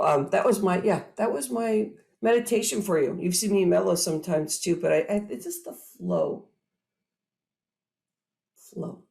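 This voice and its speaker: Gravelly upbeat woman hosting. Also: lowish voice. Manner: animated, upbeat, speaks to audience directly. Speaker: host. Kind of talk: motivational talk.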